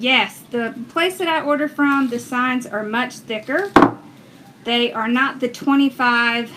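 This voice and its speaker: Slow-talking high-voiced woman. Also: very noisy. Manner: chatty, reads and thanks viewers' comments while working. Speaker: wreath-making instructor. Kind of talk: casual livestream craft tutorial.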